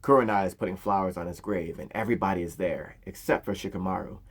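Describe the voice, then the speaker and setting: Man, casual story recap, slangy, low-pitched, husky. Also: fast talker. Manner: slangy, conversational, profane. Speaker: anime recap narrator.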